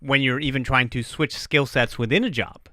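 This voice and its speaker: A man's voice: mid-range voice, steady tone, normal speed, bright, forceful tone, no room sound, clean studio sound. Rambling self-mocking man hosting a podcast. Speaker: podcast host. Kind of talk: casual podcast chat. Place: streamed live on Twitch.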